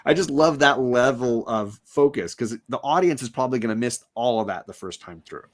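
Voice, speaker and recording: A man co-hosting a casual movie discussion, telling scenes with lively energy and acting out lines in quick voices. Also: medium pitch. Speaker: co-host of a movie discussion show. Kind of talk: casual film chat.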